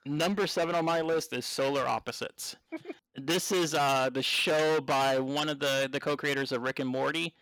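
A man hosting a casual podcast chat, enthusiastic and quick to laugh. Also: medium pitch, fairly even intonation, a bit bright, dry recording, low-quality recording. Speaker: podcast host.

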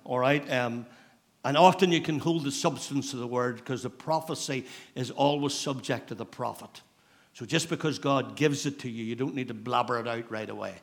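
A middle-aged man with a Northern Irish accent, a pastor preaching a sermon in a church in a conversational storytelling manner, repeating phrases for emphasis. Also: medium pitch.

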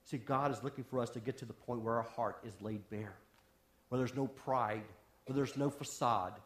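A male pastor delivers a sermon with fervent intensity, dropping suddenly to a quiet hush for weight. His voice sits at a middling pitch. The sound carries a roomy echo, as from a church sanctuary. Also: steady tone, normal speed. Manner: impassioned preaching with sudden drops to a hush.

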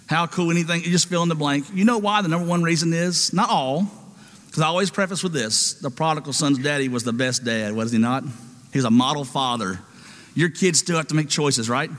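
A man's voice: fairly high pitch, a bit bright, long reverb tail. A man preaching a sermon, calling out to his congregation for responses in an emphatic, rousing way.

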